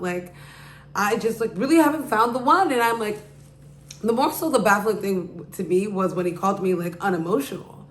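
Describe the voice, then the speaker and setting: Her mid-range voice is expressive and a little fast as she casually tells a story on her podcast, rambling and sprinkling in plenty of "like" and "you know." Slight background noise and room echo color the recording.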